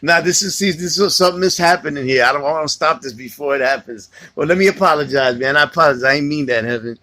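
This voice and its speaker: A man's voice: on the high side, quick pace, pushed and bright, dry recording. A man hosting a casual livestream, rambling and swearing freely as he tells stories and answers chat. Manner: loose, profane, rambling storytelling. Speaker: livestream host reading chat.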